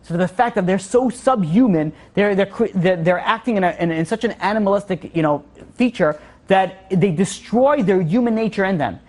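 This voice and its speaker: A man's voice: high voice, fairly quick, darkish tone. A man teaches an informal Torah lesson in a storytelling way. He talks with animation and often stops and restarts his sentences as he works through the point.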